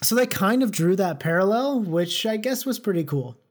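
A woman's voice: mid-range voice, lively intonation, normal speed, a little mellow. A woman co-hosting a podcast in casual chat, retelling a plot in a laid-back, profane way. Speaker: podcast co-host.

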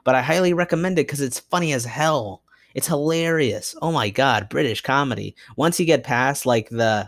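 A man's voice: mid-range voice, normal speed, vocal fry, dry recording, studio quality. A young man hosting a solo podcast, rambling and self-mocking, with frequent restarts and asides. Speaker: podcast host.

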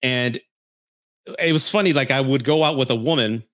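A man's voice: mid-range voice, moderate pace, fairly bright tone. A man hosting a podcast, telling frank personal stories in a blunt, profane, casual way. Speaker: podcast host.

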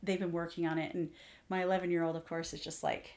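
A woman in her forties with a fairly low, gravelly voice talks at a quick pace. Co-hosting a casual chat, she tells stories animatedly and acts out her children's voices.

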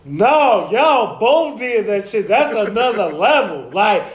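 High-voiced man, animated storyteller. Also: takes it slowly. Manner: animated storytelling, swearing, laughing often. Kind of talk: casual chat. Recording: echoey room.

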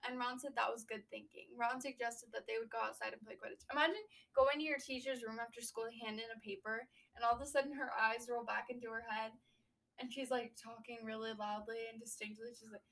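A young woman co-hosting a casual book podcast, recapping a chapter and riffing with quick asides. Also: fairly high pitch, steady tone, vocal fry, a bit bright, recorded from a distance, poor audio. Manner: chatty, recaps then riffs with quick asides. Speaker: book discussion podcast host.

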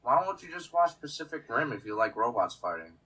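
A man's voice: medium pitch, very animated, fairly quick, pushed and bright, slightly rough, rough recording. A man co-hosting a podcast in casual chat, blunt and wisecracking. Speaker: podcast co-host.

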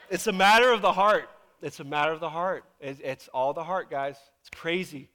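A man's voice: fairly high pitch, normal speed, pushed and bright. A man preaching as a pastor in a church, talking in an earnest, emotional and casual way full of fillers. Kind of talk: conversational sermon. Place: church sanctuary. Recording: long reverb of a large hall.

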